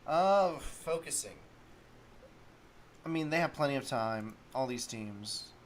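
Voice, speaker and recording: A man's voice: mid-range voice, lively intonation, slow, a little hiss or hum. A man hosting a solo sports talk stream, rambling casually and thinking aloud while he looks up stats. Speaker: sports talk show host.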